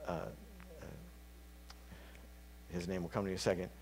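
A man preaching a sermon, casual and chatty, dropping to whispers and climbing to loud, fervent peaks. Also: deep voice, big pitch swings, normal speed, slight background noise. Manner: conversational, with fillers and slips.

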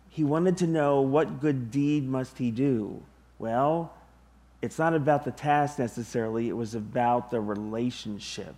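A man preaching a sermon to his congregation, deliberate and emphatic, with long pauses. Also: medium pitch, darkish tone. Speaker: pastor.

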